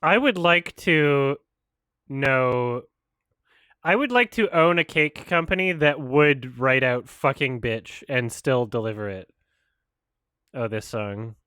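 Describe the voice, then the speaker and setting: Guy mumbling snarky comments during a watch-along, bright edgy voice, dead dry room. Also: medium pitch, expressive, slow pace, pauses often, clean tone, no echo. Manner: dry sarcastic asides, mumbled reactions. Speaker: host reacting to a show.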